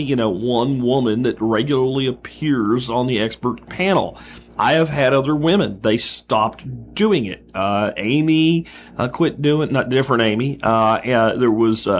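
A man's voice: medium pitch, moderate pace, muffled recording, slight background noise. A man hosting a show, casually answering listener mail with frequent fillers and emphatic asides. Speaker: podcast host.

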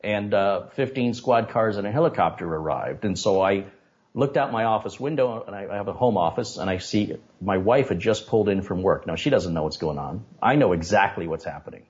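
A man with a low-pitched voice recounts a story as an interview guest. He is animated and indignant. The recording sounds dull and lo-fi. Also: brisk. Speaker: interview guest, tech streamer. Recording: dull lo-fi audio.

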